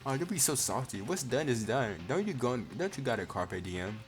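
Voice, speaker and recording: A man's voice: mid-range voice, very animated, normal speed, over music, voice pushed up, lightly acted. A man reading a cruel, gleeful bear mascot from a fan game aloud in a taunting, sing-song voice.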